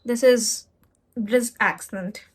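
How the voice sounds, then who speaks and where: On a low-quality recording, a woman with a voice on the high side, steady and slightly rough, speaks slowly. Hosting a casual English-learning tutorial vlog, she reassures viewers, spells words, demonstrates pronunciation, and often corrects herself mid-sentence.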